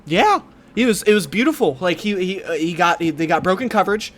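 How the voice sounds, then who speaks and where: A man's voice: sits high, lively intonation, brisk, fairly bright tone. A man from Ohio co-hosting a casual sports podcast, joking and cursing with heat. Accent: Cleveland, Ohio. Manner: profane, joking, heated. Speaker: podcast co-host.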